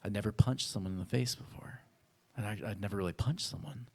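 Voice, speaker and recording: A male pastor telling a personal story in a sermon, acting out voices from his childhood with lively animation. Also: lowish voice, fast talker, vocal fry. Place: church.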